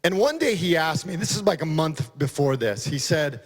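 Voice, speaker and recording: A man's voice: on the high side, expressive, moderate pace, few pauses. A middle-aged man, a county sheriff, giving an emphatic, folksy conference speech. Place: conference hall. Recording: long hall reverb.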